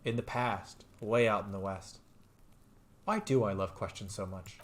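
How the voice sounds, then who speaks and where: A man streaming a game, reading its dialogue and text aloud and commenting between lines, jumping up in pitch when something excites him. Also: moderate pace. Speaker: let's play streamer. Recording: faint game music behind.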